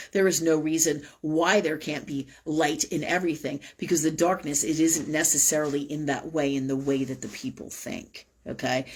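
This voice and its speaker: Live-stream host: woman, low husky voice, blunt, rambling, swears. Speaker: host of a spiritual live talk show. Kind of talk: casual live-stream talk.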